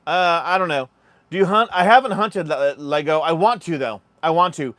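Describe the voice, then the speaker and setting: A man's voice: a little high, normal speed, dry recording. A man casually hosting a livestream, chatting easily and reading viewer comments. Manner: relaxed, chatty, addresses viewers as y'all. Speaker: livestream host.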